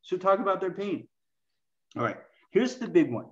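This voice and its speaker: Animated man with a slightly high voice. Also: normal speed, roomy sound, lo-fi sound. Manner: animated, acts out patients and himself in quoted lines. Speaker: health coaching expert guest. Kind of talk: interview, teaching communication.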